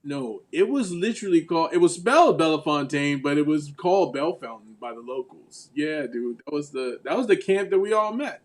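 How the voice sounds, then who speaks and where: Animated man hosting a video-call chat. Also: fairly high pitch, a little fast, few pauses. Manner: animated storyteller, acts out greetings. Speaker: livestream host. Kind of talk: casual group chat over video call.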